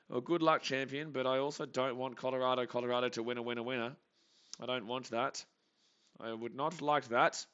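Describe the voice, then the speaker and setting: Male stream host, tense bright tone, nervy repeated pleading, tired, dull lo-fi sound. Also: medium pitch, normal speed. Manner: anxious, pleading, repeats phrases over and over. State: tired, up early without coffee. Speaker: live-stream sports reaction host. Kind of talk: live play-by-play reaction stream.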